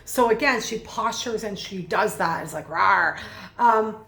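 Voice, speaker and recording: A woman communication coach giving energetic, conversational commentary in quick bursts. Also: medium pitch, reverberant. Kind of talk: video lesson commentary.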